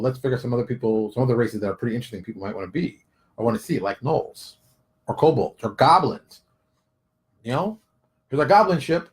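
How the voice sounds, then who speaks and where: Rambling, animated man thinking aloud. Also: fairly low pitch. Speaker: game publisher and artist. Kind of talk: casual livestream chat.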